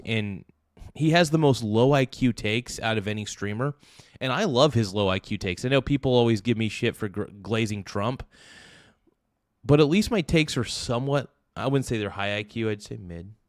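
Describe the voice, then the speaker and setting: A man's voice: mid-range voice, moderate pace, no echo. Brash young man, dry close sound. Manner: rambling, brash, says "dude" often. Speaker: livestream host. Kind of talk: casual political commentary.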